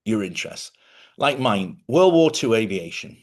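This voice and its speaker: A man's voice: fairly low pitch, very animated, normal speed. A middle-aged man hosting a casual spiritual talk to viewers, chatty and rambling, correcting himself and laughing often. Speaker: host.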